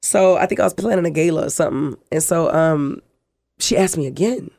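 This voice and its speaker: A middle-aged woman, a guest telling her life story in an interview, animated and acting out the voices in her quotes. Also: deep voice, a little fast, gravelly, dry recording, studio quality.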